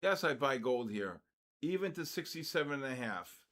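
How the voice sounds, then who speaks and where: An older man hosting a livestream, chatting casually with viewers and reacting with animated, jokingly outraged exclamations. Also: mid-range voice, moderate pace. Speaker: livestream trading host. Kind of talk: casual chat reading viewer comments.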